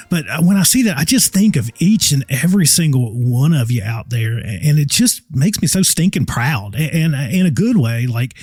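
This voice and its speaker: Folksy, excitable man hosting a podcast. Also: a little high, breathy edge, no echo. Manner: folksy, enthusiastic, rambling. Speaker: podcast host. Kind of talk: casual solo podcast chat. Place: home.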